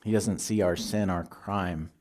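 Middle-aged male pastor, mellow and low-pitched; measured, earnest sermon delivery. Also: fairly even intonation. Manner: earnest, measured teaching with scripture quotes. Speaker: preacher.

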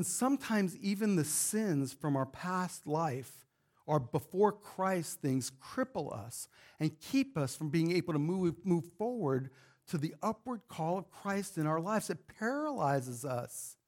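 A man's voice: fairly high pitch, big pitch swings, measured pace, a little mellow. A male pastor preaching a fervent sermon to his congregation, building to emphatic rhetorical questions. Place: church sanctuary with congregation.

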